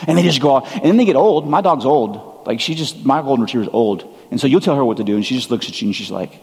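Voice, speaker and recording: A man's voice: medium pitch, animated, quick pace, a little mellow, husky, long reverb tail. A man preaching a sermon as pastor, conversational and earnest, often poking fun at himself. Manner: conversational, earnest, self-deprecating.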